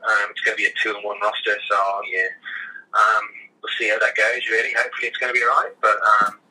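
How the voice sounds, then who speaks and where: Man, young adult, hoarse, easygoing rambling guest, low pitch. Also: flat delivery, fast talker, bright, forceful tone. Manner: easygoing, rambling with many fillers. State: hoarse throat. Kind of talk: casual interview chat. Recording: voice from far off the mic.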